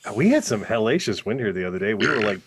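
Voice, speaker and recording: A man with a lowish voice co-hosts a podcast, his pitch rising and falling in a lively way. He chats casually, stumbles over his words and restarts often, and his voice sounds dry and close to the mic. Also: quick pace, slightly rough, dry recording. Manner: chatty, self-deprecating, stammering restarts. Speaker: podcast co-host. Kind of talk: casual chat. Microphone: home podcast mic, remote.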